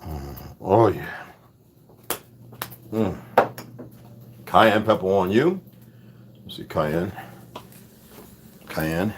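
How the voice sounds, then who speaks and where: A man's voice: sits low, animated, drawn-out words, pauses often, background noise. A man live streaming from his home kitchen, casually chatting with viewers and muttering to himself as he cooks, with speech. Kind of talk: casual live-stream chat while cooking.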